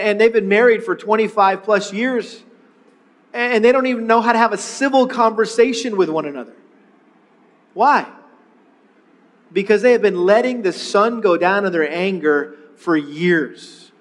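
A man's voice: sits high, in a large hall. A man preaching a sermon as a pastor, in an earnest manner, often repeating words as he starts a phrase.

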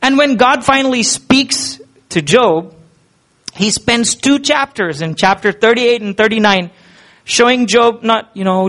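A man's voice: extremely high pitch, a little slow, a bit bright. A man preaching a sermon in an earnest, conversational way, asking the listeners rhetorical questions.

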